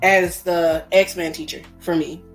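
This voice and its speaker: A woman co-hosting a casual podcast chat, expressive and quick to laugh. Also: lowish voice, soft background music. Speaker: podcast co-host.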